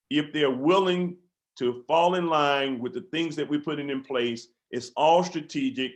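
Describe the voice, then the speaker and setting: A man's voice: a little high, normal speed. Fervent man rallying a sales team. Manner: fervent, repetitive exhortation with stumbling restarts. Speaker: company field leader. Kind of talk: motivational company call speech.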